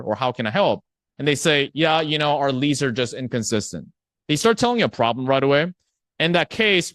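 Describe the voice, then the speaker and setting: Lively-voiced man coaching sales. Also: medium pitch, dry recording, studio quality. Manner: conversational, acts out prospect replies, checks in with "right?". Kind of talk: live online sales training.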